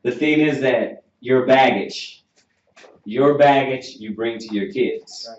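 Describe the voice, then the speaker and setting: Emphatic preaching man in an echoey room. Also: medium pitch. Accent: Southern US. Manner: preachy and emphatic, rising to near shouting, drawn-out repeated questions. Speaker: teacher. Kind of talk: sermon-style class teaching. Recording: muffled, roomy, from far off the mic.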